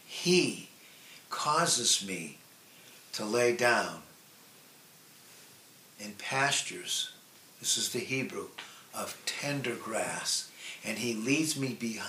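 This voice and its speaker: A man preaching a sermon in a slow, earnest way, drawing out key phrases and letting line endings fall soft. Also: lowish voice, lively intonation, gravelly. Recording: echoey room with faint ambient noise.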